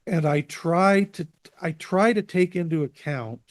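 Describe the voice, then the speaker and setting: Brief: male interview guest on a video call, fairly high voice, dry close sound, animated storyteller. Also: unhurried, no echo. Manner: lively anecdotes, voices the people he quotes. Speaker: interview guest, jazz radio producer.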